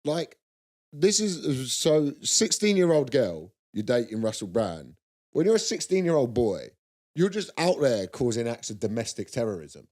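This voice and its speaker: A man's voice: medium pitch, sing-song, unhurried, a little mellow. Laughing man telling rowdy stories. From South London. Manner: rambling, laughing at his own stories. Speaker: co-host. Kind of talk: casual comedic chat.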